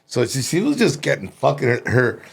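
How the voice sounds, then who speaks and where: A man from Los Angeles hosting a podcast, telling animated, profane stories in casual chat. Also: mid-range voice, brisk, gravelly, slightly rough. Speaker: podcast host.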